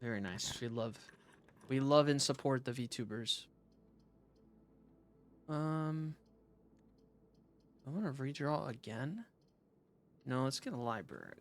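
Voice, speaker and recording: A man's voice: medium pitch, big pitch swings, unhurried, long pauses. A young man streaming a game live, chatting casually with lots of fillers and restarts.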